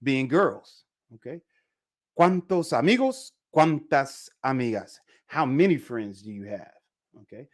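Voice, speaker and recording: An easygoing man leads a live online Spanish class in a mid-range voice. He talks casually to his viewers and slows down to repeat Spanish phrases clearly for pronunciation. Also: mid-range voice, animated. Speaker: Spanish teacher. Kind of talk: live online language lesson.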